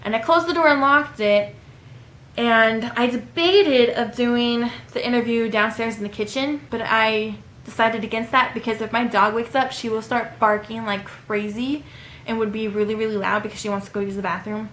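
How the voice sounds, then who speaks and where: A young woman in her twenties talks through casual tips to camera in a slightly high voice. She rambles chattily, filling gaps with ums. The room around her sounds echoey. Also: fairly even intonation, normal speed, a bit bright, a little hiss or hum. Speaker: vlogger. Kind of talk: casual advice vlog.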